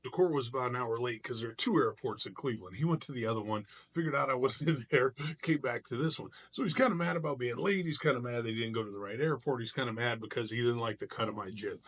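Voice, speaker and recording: A middle-aged martial artist speaks briskly in a mid-range voice while sharing a personal story on a casual vlog. He keeps things loose and lively, often starting over mid-thought.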